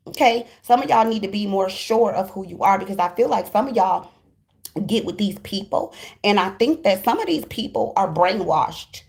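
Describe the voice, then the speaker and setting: A woman's voice: medium pitch, expressive, vocal fry, darkish tone. A woman giving a casual tarot reading to her viewers, in a blunt, profane and emphatic voice full of slang. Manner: slangy and fast-flowing, acts out quoted voices. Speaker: tarot reader.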